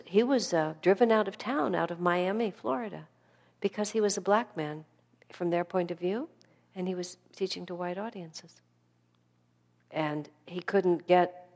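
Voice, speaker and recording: A woman giving a spiritual class lecture, telling stories in an earnest, animated way. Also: lowish voice. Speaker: spiritual teacher.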